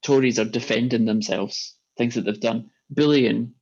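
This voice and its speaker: Gravelly, husky man, indignant. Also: medium pitch, moderate pace, a little mellow. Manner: indignant, emphatic. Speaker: podcast co-host. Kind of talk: casual political chat. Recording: dull lo-fi mic.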